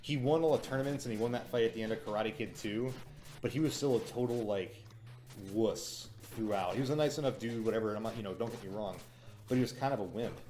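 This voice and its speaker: A man casually reviewing a show, chatty and cynical, with frequent fillers, breaking into quick impressions of lines he quotes. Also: lowish voice, mellow.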